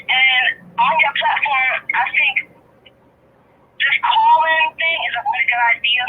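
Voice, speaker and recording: A woman's voice: high voice, steady tone, measured pace. A woman calling in by phone, talking candidly and at length with lots of fillers. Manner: candid, talkative, frequent fillers. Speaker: caller. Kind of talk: phone-in chat. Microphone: telephone. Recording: tinny phone line with faint hiss.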